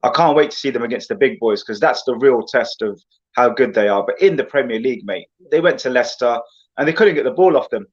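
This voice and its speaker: A man's voice: medium pitch, husky, lo-fi sound. A man, a guest on a casual football chat show, ranting with passion and calling everyone "mate". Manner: animated, passionate, rambling rants with lots of "mate".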